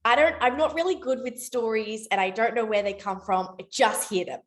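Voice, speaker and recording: A young woman with a slightly high voice talks casually to her team, rambling and chatty. She keeps correcting herself mid-sentence and fills gaps with "like" and "um". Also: fairly quick. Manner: chatty, rambling, with many likes and self-corrections. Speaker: network marketing team leader. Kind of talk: casual motivational talk.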